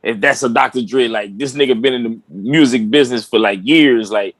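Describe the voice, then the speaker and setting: A man with a middle-pitched voice, recorded close and dry. He hosts a loose, profane podcast chat, retelling stories and breaking into laughs. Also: brisk, dry recording, poor audio. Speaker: podcast host. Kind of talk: casual chat.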